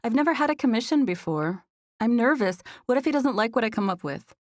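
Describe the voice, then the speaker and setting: A woman voicing an excitable, teasing young woman friend in an audiobook, higher and more gushing than her narration. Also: a little fast, no echo, studio quality, natural voice. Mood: excited. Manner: high, eager and gushing.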